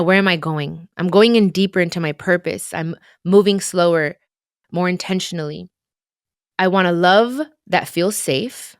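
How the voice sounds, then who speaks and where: A woman in her thirties hosting a podcast, speaking earnestly and confessionally with soft pauses in a reflective personal monologue. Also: fairly low pitch, no room sound, clean studio sound. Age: 30s. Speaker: podcast host.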